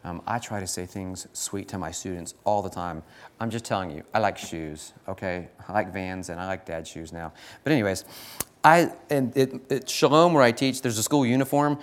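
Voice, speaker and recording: A middle-aged man with a fairly low voice delivers a church talk about teaching, built on personal stories. He is animated and self-deprecating, laughs often, and slips into the voices of the people in his stories. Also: normal speed. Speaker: choir teacher speaking to a church audience. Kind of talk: sermon-style talk with anecdotes.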